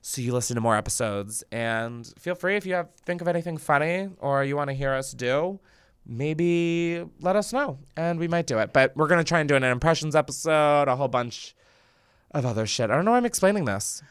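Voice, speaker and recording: Podcast co-host, woman, lively swooping voice, dry close sound, chatty and rambling. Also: sits low, brisk, smooth, no echo. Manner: giggly, rambling, self-interrupting. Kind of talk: casual comedic chat.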